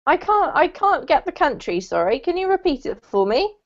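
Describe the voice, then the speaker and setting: A woman hosting an online English class, her voice high and swinging widely as she coaches and laughs along. It comes through muffled, lo-fi call audio. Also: very animated, moderate pace. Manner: upbeat, coaching, laughs often. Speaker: English conversation teacher. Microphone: video call.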